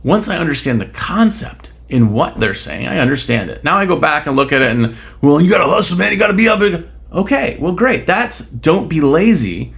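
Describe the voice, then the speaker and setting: A man's voice: on the high side, creaky, a bit bright. A man hosting a solo podcast, talking bluntly and casually with a bit of swearing, and peppering his points with rhetorical questions. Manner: blunt, opinionated, casually profane; rhetorical questions, frequent "right?". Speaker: podcast host.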